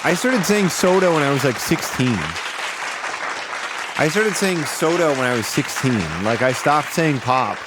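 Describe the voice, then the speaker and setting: A man from Michigan chatting casually on a live stream, goofy and crude, rambling with giggles and sudden high yelps. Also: expressive, unhurried, over a noisy crowd, very noisy.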